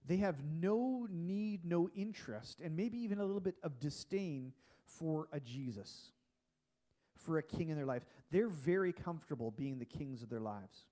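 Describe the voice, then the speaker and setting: A man preaching a casual, animated sermon in a church, with frequent restarts. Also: on the high side, moderate pace. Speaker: pastor.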